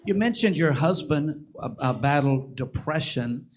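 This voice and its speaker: A man's voice: on the high side, animated, unhurried. A man moderating a church conference panel, asking questions and giving brief, encouraging replies.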